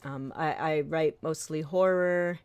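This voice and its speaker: A woman's voice: low voice, steady tone, a little slow, darkish tone, clean tone, no echo. A middle-aged woman writer chatting casually on a live stream as she edits her draft, thinking aloud and answering chat with small laughs. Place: home desk with her books on a shelf above.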